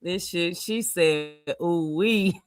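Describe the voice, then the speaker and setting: A woman hosts a livestream of casual reaction commentary, giving blunt, slangy takes on a case and often bursting into laughter. Her voice is a little high, bright and forceful, and she doesn't hurry.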